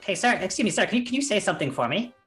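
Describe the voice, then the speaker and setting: Man playing a little gnome clerk, high voice, offhand, nervous, rushed, tabletop game, faint music. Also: sing-song, a bit bright. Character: little gray-haired male gnome ticket clerk, weary and shrugging.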